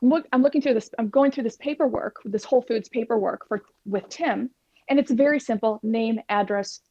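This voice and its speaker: A woman with a fairly high voice talks fairly quickly as an interview guest, telling her personal story. She's a plant-based cooking instructor, animated and acting out the quoted lines. The recording is dull, lo-fi and dry.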